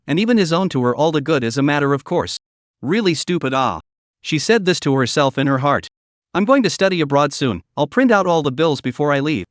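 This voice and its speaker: A man's voice: fairly high pitch, no echo. Dry, stilted male recap narrator.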